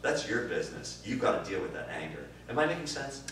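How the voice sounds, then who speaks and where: A man teaching improv, answering interview questions in an animated way, swearing and swinging from quiet musing to loud bursts. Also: lowish voice, fast. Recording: distant roomy recording with faint noise.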